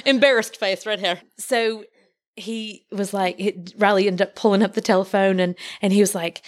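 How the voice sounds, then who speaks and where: A woman in her thirties, a podcast guest, telling a personal faith story with animated, laughing delivery and acted-out quotes. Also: medium pitch, normal speed. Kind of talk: personal testimony.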